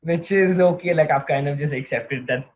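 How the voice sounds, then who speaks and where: A man's voice: on the high side, slight background noise. A young man from Bangalore with a light Indian English accent, chatting casually and profanely, full of fillers. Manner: profane, rambling, fast with lots of fillers. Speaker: podcast host. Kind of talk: casual chat. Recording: tinny phone-like line.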